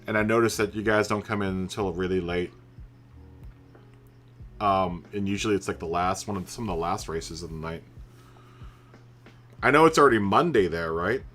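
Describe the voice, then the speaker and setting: Chatty man with a bright voice. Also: sits low, moderate pace, long pauses, soft background music. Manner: relaxed and chatty, greets viewers by name, laughs often. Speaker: live stream host. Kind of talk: casual live stream chat. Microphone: studio microphone through a mixer.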